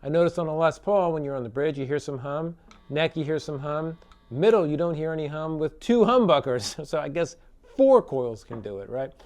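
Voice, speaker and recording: A man's voice: fairly high pitch, normal speed. Chatty man demoing a guitar. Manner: relaxed, chatty, many fillers and tag questions. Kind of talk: casual product demo talk. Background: electric guitar playing.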